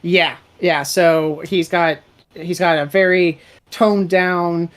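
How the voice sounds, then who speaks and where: An audio drama creator chats casually about their production at a middle pitch. They ramble a little, often restarting their sentences as they explain. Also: steady tone, slow pace, slight background noise. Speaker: audio drama writer and director. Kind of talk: casual chat.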